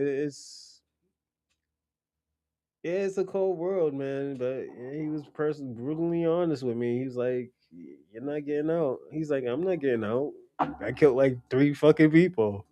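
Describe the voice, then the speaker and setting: A man's voice: on the high side, unhurried, a little mellow, no echo, clean studio sound. Blunt, profane man talking straight into the mic. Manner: blunt, profane, rambling storytelling. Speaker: livestream host. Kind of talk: casual livestream chat.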